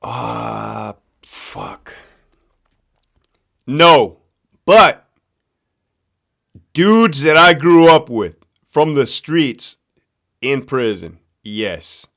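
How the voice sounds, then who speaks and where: A man's voice: mid-range voice, very animated, very slow, gravelly, pauses often, a bit bright. A man from Southern California with a local accent, hosting a casual live stream and answering viewer questions in a slangy, profane, loose storytelling way. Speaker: livestream host, former prison guard.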